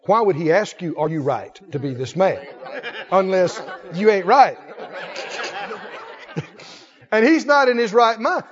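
A man preaching a sermon, folksy and animated, swinging from loud calls to low asides. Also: unhurried, long pauses, a faint crowd. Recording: dull sound with long hall reverb.

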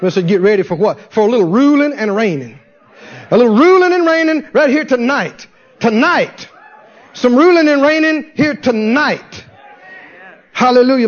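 A man preaching a fervent sermon, firing rhetorical questions at his congregation and answering them himself. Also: very high voice. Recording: dull lo-fi sermon recording.

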